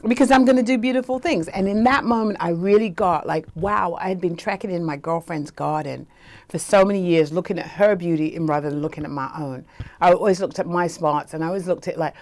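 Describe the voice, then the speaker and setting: A woman's voice: fairly low pitch, brisk, darkish tone. A woman life coach telling a personal story in a conversational way, often checking in with "right?". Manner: conversational, often asks "right?", acts out quoted voices.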